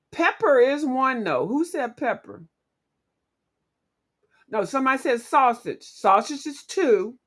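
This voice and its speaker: A woman hosting a casual livestream, chatting playfully with viewers and quick to laugh. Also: a little high, fairly bright tone. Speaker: livestream host.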